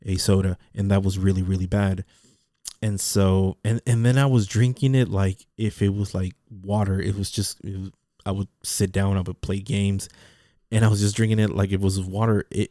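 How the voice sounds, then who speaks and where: A man's voice: lowish voice, mellow, no room sound, clean studio sound. A man talking casually in a rambling monologue, repeating words and restarting his sentences. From Mexican heritage.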